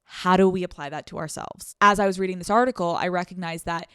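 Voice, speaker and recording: A woman's voice: on the low side, fairly even intonation, fast, fairly bright tone, clear, resonant tone, dry recording, clean studio sound. A woman hosting a solo advice podcast, talking candidly and swearing freely, and acting out the people she quotes. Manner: candid and profane, acts out quoted voices. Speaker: podcast host.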